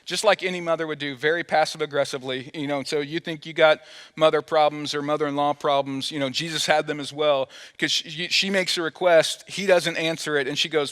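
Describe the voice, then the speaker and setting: A man's voice: on the high side, steady tone, fairly quick, fairly bright tone. A man preaching a sermon as pastor in a conversational, playful way, acting out the quotes he tells. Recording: long hall reverb.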